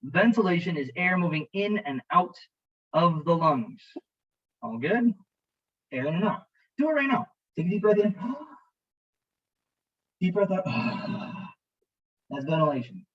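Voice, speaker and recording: A man's voice: on the high side, expressive, normal speed, husky, lo-fi sound. A man teaching as an EMT instructor, narrating a slideshow lecture in a jokey, conversational way and talking to students directly.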